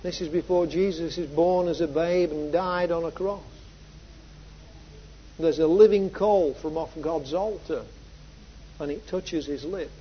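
A man preaching a sermon, moving from soft reflective passages to loud, emphatic repeated phrases. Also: a little high, a little slow, husky. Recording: dull lo-fi sound.

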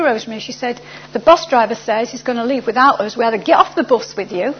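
A woman's voice: a little high, fast. A woman telling a personal story from her travels and acting out the other people's lines. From England. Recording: dull lo-fi recording with faint hum.

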